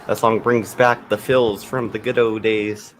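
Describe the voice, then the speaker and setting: A man's voice: on the low side, flat delivery, unhurried, a little hiss or hum. A man hosting a casual livestream, joking around between snatches of sung tunes. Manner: jokey, sings snatches of songs. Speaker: livestream host.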